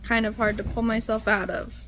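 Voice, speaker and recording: Young woman vlogger, slightly high voice, tired and rambling, casual chat. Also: steady tone, normal speed, a bit bright, soft background music. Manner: rambling, trailing off with fillers. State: low and tired.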